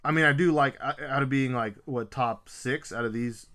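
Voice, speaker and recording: A man with a bright, forceful voice chats about sports with a buddy, loose and excitable. He swears casually and fires off team names in quick bursts, his voice pitched right in the middle.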